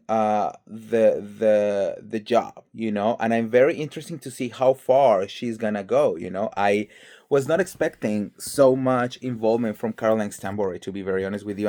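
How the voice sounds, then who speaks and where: A man's voice: fairly low pitch, a little mellow. A man hosting a casual pop culture commentary show, chatty and gossipy, full of fillers like "girl" and "okay". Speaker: host.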